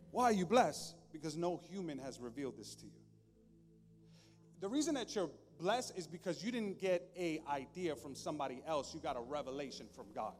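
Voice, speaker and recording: A man preaching a sermon as pastor, conversational and joking, at times dropping to a soft, intimate tone. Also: on the high side, moderate pace. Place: church stage. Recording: long hall reverb, faint music behind.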